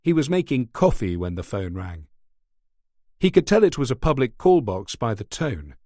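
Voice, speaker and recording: A man narrating a thriller audiobook in a steady, measured way. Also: medium pitch, no echo, clean studio sound. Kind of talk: scripted narration.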